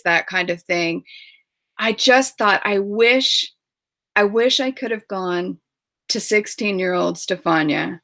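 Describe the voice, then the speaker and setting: A woman author in a video call interview, speaking with emotion in a halting way and often repeating words, near tears. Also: on the low side, sharp tone, no echo. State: tearful.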